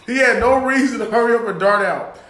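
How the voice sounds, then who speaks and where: A man's voice: very high voice, fairly quick, a bit bright, echoey room. A man telling profane, laughing road-rage stories in casual chat.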